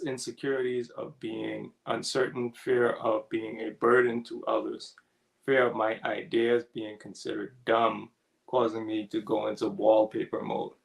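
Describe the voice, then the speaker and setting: Gravelly, laid-back man with a chuckle. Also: medium pitch, poor audio. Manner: relaxed, laughs often, reads out chat comments. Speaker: co-host of a ministry talk. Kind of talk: casual spiritual discussion.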